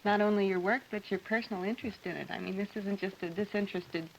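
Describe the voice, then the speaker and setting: A woman's voice: medium pitch, steady tone, fast talker, gravelly, poor audio. A woman speaking as a panelist on a television show, gushing with admiration. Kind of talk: casual chat on a TV panel show. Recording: 1961 TV broadcast with faint hiss.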